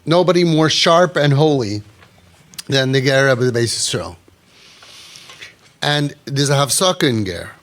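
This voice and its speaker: A middle-aged man teaching a sermon, telling stories animatedly and acting out bits of dialogue before dropping to a quiet murmur. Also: measured pace, long pauses. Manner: animated, acts out dialogue with sudden drops to a low murmur. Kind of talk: storytelling sermon.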